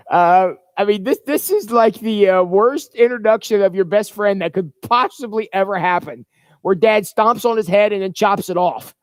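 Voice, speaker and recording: Pastor, male, high-ish voice, dry close sound, informal and rambling with frequent restarts. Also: normal speed, dry recording. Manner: rambling, chatty, with stumbling restarts. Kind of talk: livestreamed informal Bible-study talk. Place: church.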